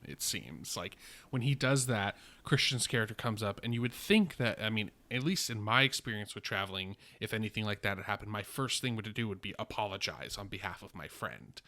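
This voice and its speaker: A man co-hosting a casual film review podcast, measured and critical, thinking aloud. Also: lowish voice, bright, forceful tone.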